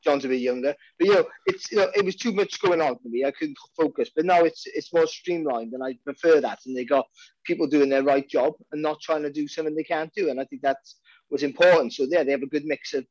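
A man's voice: a little high, fast talker, a little mellow, no room sound, dull audio. A man with a Welsh accent, a boxing commentator chatting casually and restarting his sentences often. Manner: rambling, many restarts and repeated words. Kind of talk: casual podcast chat.

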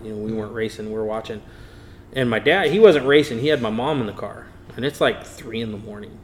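A man's voice: mid-range voice, slight background noise. A middle-aged man, telling a racing story in a casual interview and acting out the voices he quotes. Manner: animated storyteller, acts out quotes, laughs often. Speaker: interviewee, hot rod racer.

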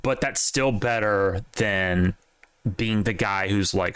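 A man with a fairly low voice co-hosts a late-night stream chat. He talks bluntly and swears freely, rambling and restarting his sentences. The mic is close and dry, with no room sound. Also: measured pace, a bit bright, smooth, no echo. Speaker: podcast co-host.

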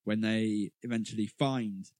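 A man's voice: on the low side, fairly even intonation, a little slow, darkish tone, no echo. A man co-hosting a podcast, chatting about a film with wry, dry jokes. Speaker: podcast co-host. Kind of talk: casual film review chat.

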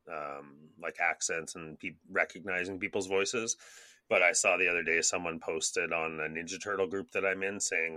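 A low-pitched man in his thirties from Canada chats loosely on a podcast, with a bright, forceful edge to his voice. He rambles, swears freely and acts out his own thoughts in little quoted asides. The sound is dry and close. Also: no echo. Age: 30s. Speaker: podcast co-host. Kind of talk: casual chat.

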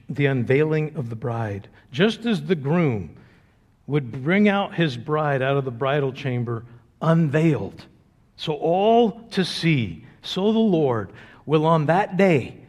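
A male pastor preaching a sermon to a congregation, drawing phrases out slowly and then rising to loud, fervent calls. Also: on the high side. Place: church sanctuary before a congregation.

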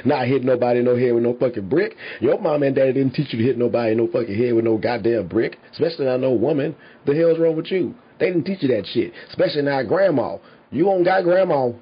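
A man speaking rants to his viewers, heated and emphatic, swearing constantly. His voice is very husky and mid-pitched, and the recording sounds a little dull. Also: expressive, quick pace, hardly any pauses. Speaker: commentary podcaster. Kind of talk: profane rant to viewers.

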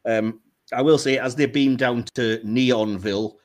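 A man co-hosting a podcast in casual chat, animated and laughing often as he rants. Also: mid-range voice, measured pace. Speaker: podcast co-host.

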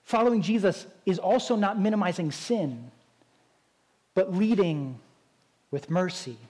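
A man's voice: high-pitched, measured pace, a little mellow. A man preaching a sermon as a pastor, in a conversational style with frequent rhetorical "right?" asides.

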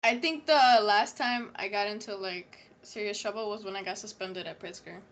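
A teenage girl in casual chat, telling an animated story full of fillers and quoted lines. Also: medium pitch, normal speed. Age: teens. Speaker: podcast co-host.

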